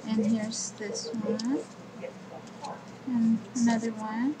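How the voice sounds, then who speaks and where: A woman's voice: fairly high pitch, little pitch movement, background noise. A woman walking viewers through her scrapbook pages in a homely show-and-tell video. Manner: slow, homely walkthrough of pages. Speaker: crafting vlogger.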